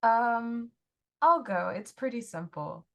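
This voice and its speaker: A woman playing a tabletop game, describing her character's ending in an unhurried, hesitant way. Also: fairly high pitch, animated, vocal fry. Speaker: player. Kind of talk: tabletop role-play narration.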